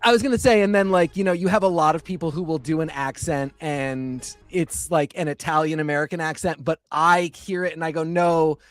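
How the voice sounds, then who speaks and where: Guy cohosting a chat show, kinda high voice, rambly, faint music under it. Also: steady tone, fairly quick, few pauses, dry recording. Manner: chatty, digressive, many fillers. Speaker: podcast co-host. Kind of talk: casual chat.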